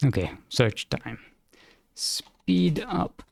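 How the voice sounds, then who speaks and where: A man's voice: mid-range voice, very animated, extremely slow, gravelly, no echo. A man streaming a video game, thinking aloud in a hesitant, rambling way. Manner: rambling, hesitant, self-correcting. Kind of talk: thinking aloud while playing.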